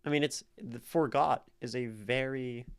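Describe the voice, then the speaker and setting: A man's voice: mid-range voice, unhurried, clear, resonant tone. A man streaming live, casually explaining poetic meter and sounding out the stress in words as he thinks aloud. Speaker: streamer analyzing poetry.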